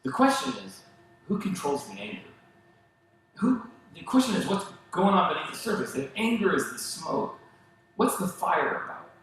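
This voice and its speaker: A middle-aged man preaching a sermon in a conversational, animated way, with asides and acted-out quotes, at a church stage mic. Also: sits high, moderate pace, slight background noise. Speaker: pastor. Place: church auditorium. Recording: very echoey church hall.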